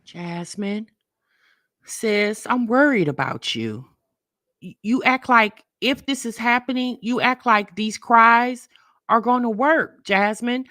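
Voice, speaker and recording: A woman's voice: on the high side, animated, slow, a bit bright, no echo, studio quality. A woman hosting a reaction channel, delivering blunt, scolding, sarcastic commentary.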